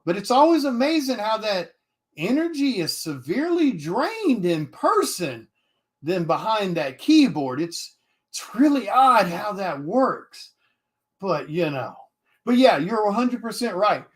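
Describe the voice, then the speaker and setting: A man's voice: high voice, very animated, measured pace. A man, an indie comic artist, talking to his viewers in a blunt, profane casual rant, with many restarts.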